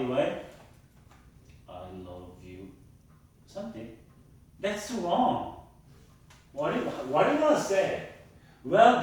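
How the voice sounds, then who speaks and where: A man giving a university lecture to a class. He repeats his points for emphasis and keeps checking in with the students. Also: sits high. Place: lecture room. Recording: very echoey room, mic far off.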